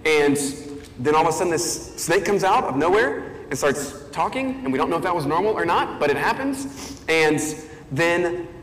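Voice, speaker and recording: A man's voice: fairly high pitch, sing-song, normal speed, a bit bright, a little hiss or hum. Man preaching in an echoey hall. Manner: conversational, thinking aloud with fillers and restarts. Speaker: pastor. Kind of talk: sermon. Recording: echoey hall, faint ambience.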